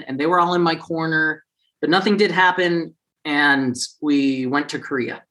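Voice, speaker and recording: A man's voice: fairly high pitch, a bit bright. A man in his forties telling a personal story in a casual way, acting out the people he quotes in raised, funny voices.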